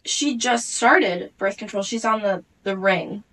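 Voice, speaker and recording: A woman's voice: mid-range voice, unhurried, poor audio. A young woman co-hosting a podcast, telling stories in casual chat, laughing often and acting out what people said. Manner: animated storytelling, laughs often, acts out quotes. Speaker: podcast co-host.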